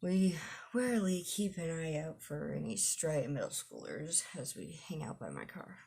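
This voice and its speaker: A woman streamer reads a dating game aloud in a low, gravelly, husky voice. She laughs through the lines and drops dry asides. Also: sing-song, moderate pace, warm tone. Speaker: gaming streamer. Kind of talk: reading a visual novel aloud.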